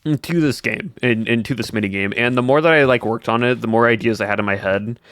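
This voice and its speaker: Young man, livestreamer, casual rambling chat, answers viewers, middle pitch. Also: a little fast, fairly bright tone.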